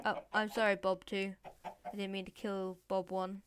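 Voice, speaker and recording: A woman's voice: mid-range voice, animated, brisk, smooth, dry recording. A woman giving casual Minecraft gameplay commentary, chatting to the mobs and villagers and swearing playfully as she goes. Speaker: Minecraft let's player.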